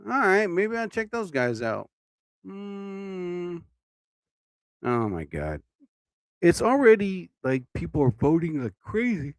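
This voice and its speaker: A man's voice: sits high, big pitch swings, takes it slowly, long pauses, dry recording. A tired man hosting his own livestream podcast, rambling casually and yawning as he talks. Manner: drowsy, yawning, meandering talk. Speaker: podcast host.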